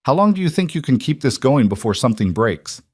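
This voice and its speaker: Man doing a calm, blunt lone cowboy. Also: medium pitch, fairly quick, breathy edge, no room sound, studio quality, voice pushed up. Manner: calm, level, matter-of-fact.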